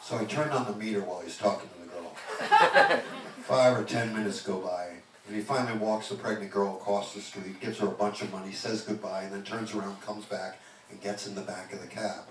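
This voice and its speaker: A man reads his memoir to a live crowd with jokey, animated storytelling. He is heard from a distance in an echoing room. A faint hum of ambience sits behind him. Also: on the low side, fairly quick. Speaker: author reading his book. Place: bookstore event space. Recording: distant, echoey live reading.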